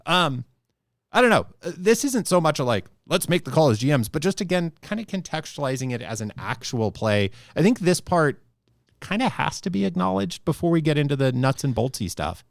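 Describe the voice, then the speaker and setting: A man's voice: on the high side, sing-song, fairly quick, vocal fry, no room sound, studio quality. A man co-hosting a podcast, chatting casually about running tabletop games and thinking aloud with asides. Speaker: podcast co-host.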